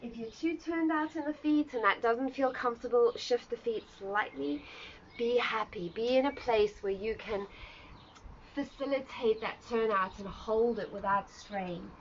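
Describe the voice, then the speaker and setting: Leading a live online pilates class at a measured pace, a woman instructor with a highish voice gives friendly, encouraging cues for movement and throws in chatty asides. The sound is slightly dull, with faint ambient noise in the background.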